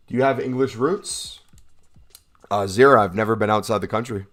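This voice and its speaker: Young american dude streaming and reading chat, lowish voice, joking around, bit of music behind. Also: male voice, a bit bright. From United States. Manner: chatty, answers viewer questions with jokes. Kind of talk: casual livestream chat.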